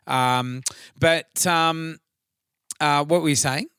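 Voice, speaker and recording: A man's voice: fairly high pitch, slow pace, gravelly, clear, resonant tone, no echo, clean studio sound. A man with an Australian accent co-hosting a podcast, chatting loosely, swearing freely and calling people mate. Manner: loose, swearing, animated, matey. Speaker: podcast co-host. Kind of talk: casual chat.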